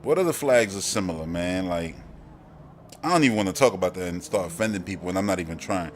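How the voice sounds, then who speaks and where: A fast-talking man with a deep voice and lively intonation hosts a loose live-stream chat, full of slang, rambling and frequent laughter. He's a podcast host from Brooklyn, New York, with a Brooklyn accent, and there's a little hiss or hum.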